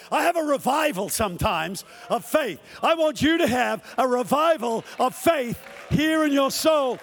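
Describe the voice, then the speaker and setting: A man's voice: very high voice, lively intonation, measured pace, vocal fry, hardly any pauses, big-room sound, slight background noise. A man preaching a passionate sermon to a congregation, acting out the words he quotes. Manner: impassioned, acts out the lines he quotes. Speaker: pastor. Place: church hall with a congregation.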